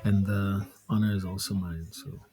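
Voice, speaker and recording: A man's voice: deep voice, level tone, moderate pace, mellow, soft background music. A man chatting as a guest musician on a podcast, laid-back and candid, laughing easily. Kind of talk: casual podcast chat.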